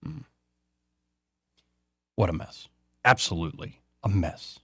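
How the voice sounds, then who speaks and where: A man hosting talk radio in a casual, wry way. His voice sits at an ordinary pitch. It is close and dry in the studio, with no room sound. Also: lively intonation, slow pace, creaky, fairly bright tone, husky, no echo. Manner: conversational, wry, plays clips. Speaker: radio talk show host. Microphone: studio microphone.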